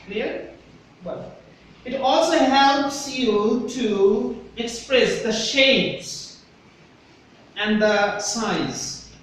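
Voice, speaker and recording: His voice is very high-pitched and a bit bright, and he talks very slowly with long pauses. A man with a Bangladeshi English accent, he lectures a university class emphatically and repeatedly checks in with "Yes? Clear?" The echoey classroom is recorded from far off, with faint hiss.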